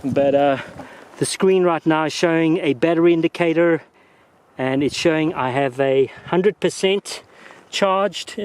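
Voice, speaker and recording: A man's voice: fairly high pitch, a little slow, a little mellow, clean tone, dry recording. A man vlogging outdoors on a mountainside, casually reviewing gear in a folksy, joking, chatty way.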